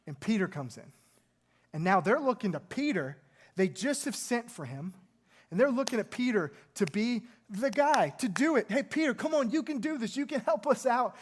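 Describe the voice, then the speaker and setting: A man's voice: on the high side, darkish tone. A male pastor preaching a sermon, retelling a scripture story in an earnest, emphatic way.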